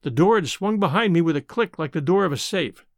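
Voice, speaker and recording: A man narrating a classic adventure novel in the first person, with measured storytelling. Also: a little high, expressive, no echo, studio quality. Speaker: audiobook narrator.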